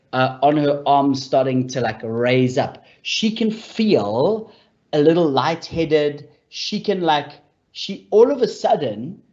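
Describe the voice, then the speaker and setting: Animated man explaining, dull lo-fi sound. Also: mid-range voice. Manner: animated, repeats key points, addresses audience as friends. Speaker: speaker on mental health for leaders. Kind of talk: explanatory talk with storytelling.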